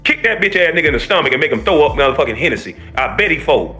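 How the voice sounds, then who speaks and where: A man delivers a profane, preachy rant as a reaction commentator. His voice is bright and forceful and lifts a little high, with lively swings. Faint music plays behind him. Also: racing.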